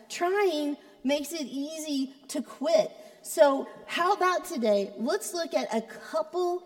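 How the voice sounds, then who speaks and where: A woman with a high voice delivers a sermon at an unhurried pace, chatting with the crowd and tossing in playful asides. Her words ring out with a long reverb, as in a big church auditorium. She preaches like a friendly creative arts pastor. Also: expressive, a little mellow.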